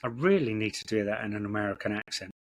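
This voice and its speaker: A man's voice: fairly low pitch, fast, no room sound. A man co-hosting a podcast, hesitant and self-deprecating in casual chat. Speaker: podcast co-host.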